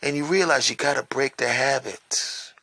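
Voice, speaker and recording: Man, podcast host, bright edgy tone, dry close sound, animated emphatic storytelling, recorded on a phone. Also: medium pitch, moderate pace, vocal fry, dry recording. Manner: animated, emphatic storyteller who repeats words for effect. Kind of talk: casual monologue.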